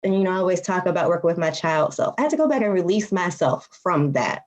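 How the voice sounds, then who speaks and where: A woman's voice: on the low side, animated. A woman in her thirties, a podcast guest, talking candidly and reflectively in casual conversation. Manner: candid and reflective, with quick laughs.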